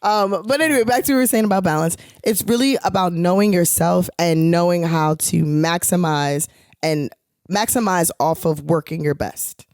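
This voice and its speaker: Low-voiced chatty woman, dry sound. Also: moderate pace, darkish tone, no room sound. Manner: chatty, rambling with many fillers. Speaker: podcast co-host, touring singer. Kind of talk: casual chat.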